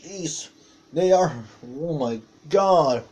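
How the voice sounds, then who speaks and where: A man doing play-by-play commentary on a wrestling match, calling out moves with excited exclamations. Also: a little high, drawn-out words.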